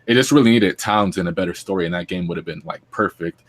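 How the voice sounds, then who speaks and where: A man's voice: low-pitched, fast talker. A man hosting a casual gaming podcast, talking enthusiastically with lots of fillers. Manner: enthusiastic, many fillers and restarts. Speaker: podcast host.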